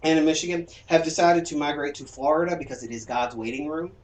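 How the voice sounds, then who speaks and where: A man's voice: on the high side, fairly even intonation, quick pace. A man with a Southern US accent, chatting casually and lecturing with jokes as a game streamer. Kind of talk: casual chat. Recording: roomy echo from a distance.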